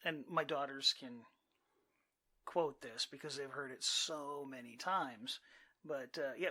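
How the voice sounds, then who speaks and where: A man's voice: medium pitch, unhurried, pushed and bright. A man co-hosting a podcast, chatting casually and jokingly with his spouse in a wry, rambling way. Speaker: podcast co-host.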